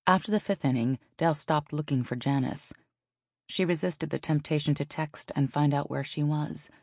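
A woman narrating a novel in an even storytelling manner. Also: deep voice, normal speed, vocal fry, slightly rough, dry recording, clean studio sound. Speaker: audiobook narrator. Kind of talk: scripted narration.

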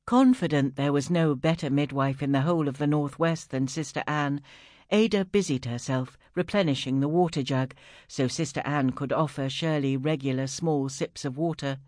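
An audiobook narrator reading a story in a steady, even storytelling manner. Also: medium pitch, normal speed, no echo, studio quality.

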